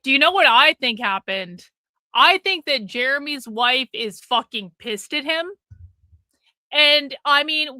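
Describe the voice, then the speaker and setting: A woman's voice: high voice, expressive, unhurried, sharp tone, no echo. A middle-aged woman hosting a casual livestream chat, blunt and swearing freely. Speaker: livestream host.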